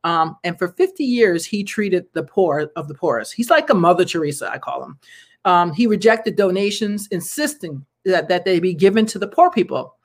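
Thirties, casual talk host, rambling, laughs a lot, lots of ums, earnest preachy asides, mid pitch. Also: expressive, moderate pace. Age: 30s. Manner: chatty and rambling, with frequent laughs and fillers. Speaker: podcast host and nonprofit founder. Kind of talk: casual good-news monologue.

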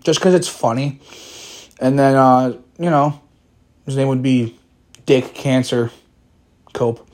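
A man from the Chicago area rambles profanely through a solo podcast, cracking wry jokes and launching into rants. His medium-pitched voice is a little mellow, and he takes it slowly, pausing often.

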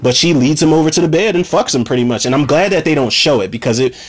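A man's voice: fairly high pitch, animated, fast talker, slightly rough. A man recapping a horror movie in a casual, profane way, ranting with feeling and calling his listeners "people". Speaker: movie reviewer.

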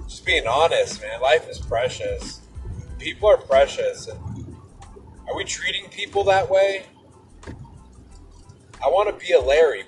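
A man's voice: mid-range voice, distant mic, poor audio. A middle-aged man hosting a podcast, telling a personal story and reflecting on faith in an earnest, emphatic way. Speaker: podcast host.

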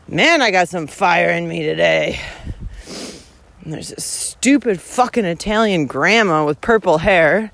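A woman ranting into her phone as she walks an outdoor trail. Her voice swoops up and down with lively energy, and she swears constantly. She laughs often as she goes. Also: fairly low pitch, takes it slowly, gravelly, long pauses. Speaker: vlogger. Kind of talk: casual walking vlog. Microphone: handheld phone.

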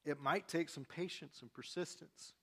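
Pastor guy preaching, bit higher voice, gets loud and punchy then drops quiet and confiding. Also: moderate pace, gravelly. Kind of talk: sermon.

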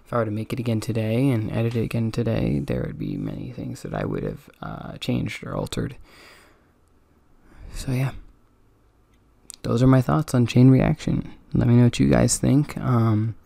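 Though tired and yawning, this young podcast host is expressive, speaking at a moderate pace in a warm, creaky, mid-range voice. He rambles casually through a solo review with plenty of ums and self-critical comments, and there is no room sound.

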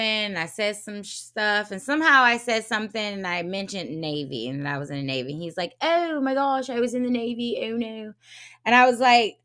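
A woman hosting a podcast, telling a story in a blunt, profane and animated casual monologue. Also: mid-range voice. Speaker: podcast host.

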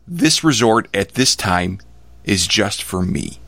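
A man's voice: lowish voice, animated, slow, fairly bright tone, no room sound. A man hosting a podcast interview, chatting casually and agreeing enthusiastically with his guest. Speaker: podcast host.

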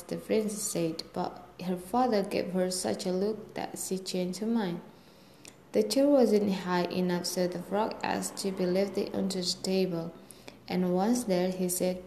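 A woman reading a fairy tale aloud in a gentle, steady storytelling manner. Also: mid-range voice, measured pace, slight background noise. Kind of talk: storybook read-aloud narration. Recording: echoey room with faint ambience.

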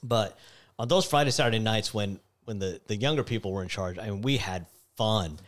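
A young man casually telling a story about his time as a store clerk, animated and laughing, acting out the quotes loudly. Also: on the low side, brisk.

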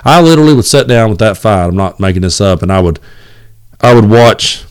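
A man's voice: on the low side, expressive, a little fast, clean tone, no echo. A man in his forties with an East Tennessee accent, hosting a solo podcast from his kitchen table at home. He rambles in a folksy way, with many fillers and some cussing. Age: 40s. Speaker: podcast host. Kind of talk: casual solo podcast monologue. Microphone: home recording setup.

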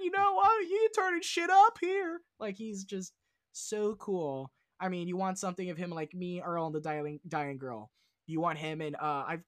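A man with a somewhat high voice chats as a guest on a film podcast, his sound close and dry with no room around it. He rambles off on tangents, swears freely and gushes with enthusiasm. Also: a bit bright, no echo. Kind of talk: casual podcast chat about film.

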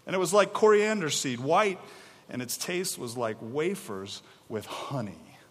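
Male pastor preaching, somewhat high voice, lively and theatrical, long hall reverb. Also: unhurried, husky. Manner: animated, acts out voices with mock exasperation. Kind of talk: sermon.

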